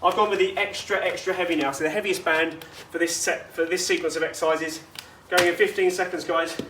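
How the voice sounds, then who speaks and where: A man's voice: fairly high pitch, fairly even intonation, brisk, fairly bright tone, a little hiss or hum. A man coaching a workout outdoors, chatty and instructive with personal asides. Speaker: fitness coach.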